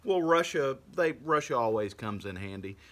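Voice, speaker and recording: A man's voice: mid-range voice, lively intonation, normal speed, a bit bright. A man from Texas, rambling to camera in a casual monologue and laughing through his words often. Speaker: vlogger.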